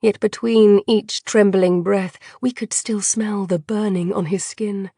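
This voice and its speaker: A woman reading an audiobook as narrator, measured and hushed. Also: mid-range voice, steady tone, no room sound, studio quality. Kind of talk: scripted dark fantasy narration.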